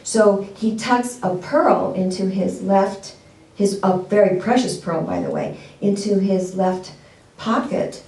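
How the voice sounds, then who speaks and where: A woman pastor preaches in an easy, conversational way, tossing questions out to her congregation. Her voice is mellow and warm. She sounds a step away from the microphone, with the sanctuary's echo rolling around her. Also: mid-range voice, slow pace, distant mic. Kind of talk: sermon.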